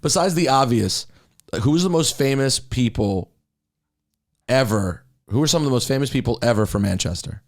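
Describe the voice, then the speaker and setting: A man from the United States hosting a casual interview, playful and joking with quick follow-up questions. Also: medium pitch, expressive. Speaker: radio host.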